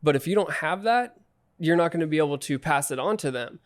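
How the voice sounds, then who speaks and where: A man's voice: on the high side, expressive, a little fast. A man, a salesman guest on a podcast, explaining his views in a direct, emphatic way. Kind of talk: casual interview chat.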